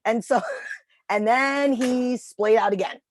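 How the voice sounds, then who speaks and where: A woman telling a dog-training story in casual chat on a video call, animated when quoting. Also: a little high, slow. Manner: chatty storytelling, animated voices for quotes. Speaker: puppy raiser trainer.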